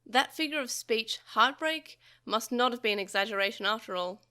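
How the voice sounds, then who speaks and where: A young adult woman reading a novel aloud for a podcast, telling the story in a lively way with small slips and restarts. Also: fairly high pitch, moderate pace.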